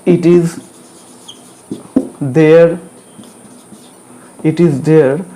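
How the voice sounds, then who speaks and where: A man with an Indian English accent giving a grammar lecture in an unhurried, deliberate way. His voice is fairly high but mellow and soft-edged. He repeats key words and keeps checking that the class follows. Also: fairly even intonation, a little hiss or hum. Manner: slow and repetitive, checks in with "okay" and "clear?".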